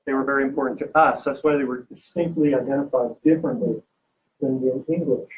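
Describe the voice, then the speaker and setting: A man giving a lively public lecture as an archivist, joking and quizzing his audience with questions. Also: mid-range voice, fairly quick. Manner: jokey, teasing, quizzes the audience. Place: event room with a live audience. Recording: distant, dull lo-fi room recording.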